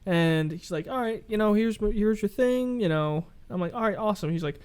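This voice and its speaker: A man co-hosting a podcast speaks a little fast in a high, smooth voice. He tells a casual story animatedly, voicing the dialogue of the people involved and swearing freely.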